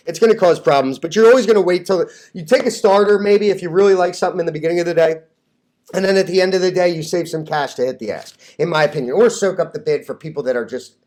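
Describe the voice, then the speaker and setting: A brash young man hosting a casual stock-trading vlog, cocky and quick to laugh at his own jokes. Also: fairly high pitch. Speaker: stock vlogger.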